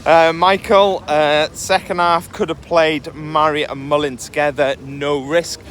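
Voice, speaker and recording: A man's voice: a little high, little pitch movement, unhurried, fairly bright tone, slight background noise. A man co-hosting a podcast, chatting casually about football with lots of ums, recorded outdoors on the move. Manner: chatty, hesitant with frequent ums. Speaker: podcast co-host.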